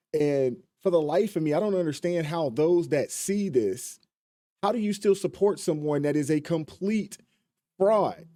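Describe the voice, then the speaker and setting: A man's voice: a little high, warm tone, dry recording, clean studio sound. A man hosting a reaction video, talking conversationally with emphatic remarks and fillers. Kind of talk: casual commentary.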